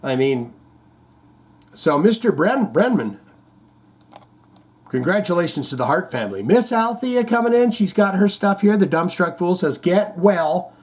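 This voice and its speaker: A man's voice: sits high, expressive, measured pace, pauses often, a little mellow, breathy edge. A man hosting a show in casual chat, rambling, reading out viewer comments and telling corny jokes. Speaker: host.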